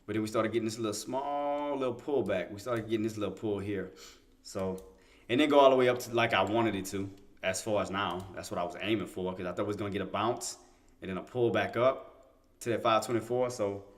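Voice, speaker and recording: This day-trading livestream host has a fairly low pitch and talks a little fast as he works through the chart live. It's live market commentary full of self-talk, repetition, and frequent restarts, with bursts of excited insistence.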